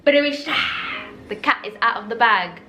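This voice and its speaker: A woman's voice: on the high side, over music. A young woman, chatting casually and laughing easily as she reacts to and reviews a film. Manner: chatty, animated, quick to laugh. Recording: roomy echo.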